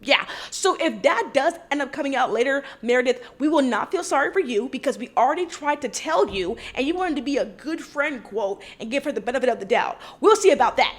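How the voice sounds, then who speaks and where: A high-pitched woman chats through a reality TV recap in a casual, sassy way. She gives her opinions bluntly and calls out the people on screen directly. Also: lively intonation, fairly quick, few pauses. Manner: opinionated, sassy, talks straight to the cast.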